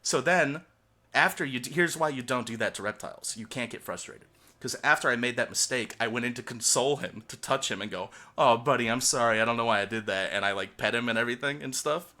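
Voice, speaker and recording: Crude young man, bright and breathless. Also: mid-range voice, fairly quick. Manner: crude, profane and animated, swinging loud when worked up. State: short of breath. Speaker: vlogger. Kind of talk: rambling storytime monologue.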